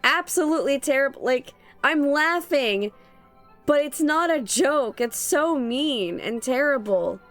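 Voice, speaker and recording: Lively young woman chatting on stream. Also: sits high, a little slow, faint music behind. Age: young adult. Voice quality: vocal fry. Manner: playful, rambling, laughs often. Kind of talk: casual stream chat while drawing.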